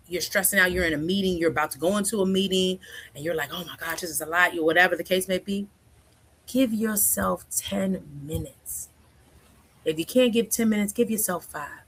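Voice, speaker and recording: A woman's voice: mid-range voice, fairly bright tone. A woman in her forties, a counselor, talking as a guest in a casual, chatty way and often checking in with "right?". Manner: chatty, keeps asking "right?", acts out quoted speech. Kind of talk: casual conversational interview.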